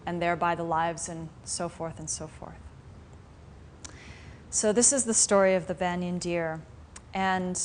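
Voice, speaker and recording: A woman meditation teacher telling a story and teaching a live class in a reflective, conversational way. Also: fairly low pitch. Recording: faint room noise from a live stream.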